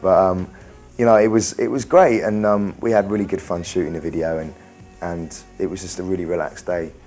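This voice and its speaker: Faint music runs beneath an interview with a young man from a pop band. His deep voice is steady, a little fast, and slightly mellow, and he rambles earnestly with many restarts.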